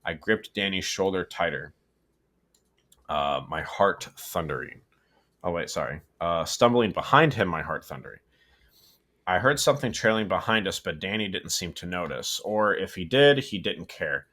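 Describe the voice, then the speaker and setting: A man's voice: low voice, expressive, normal speed, hardly any pauses, fairly bright tone. A man casually reading a horror story aloud, stumbling, correcting himself and adding asides. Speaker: story reader and co-host.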